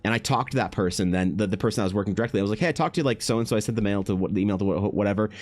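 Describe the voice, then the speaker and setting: A man's voice: lowish voice, racing. A man from Canada, chatting casually on his art livestream and rambling through a profane anecdote full of restarts. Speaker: artist streaming while drawing. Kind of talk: casual live-stream chat.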